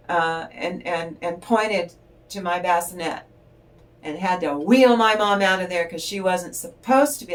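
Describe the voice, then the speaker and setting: An older woman giving a tarot reading in a chatty, rambling storytelling way, laughing often. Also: lowish voice. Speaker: tarot reader. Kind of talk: casual spiritual chat and storytelling. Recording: voice distant from the mic.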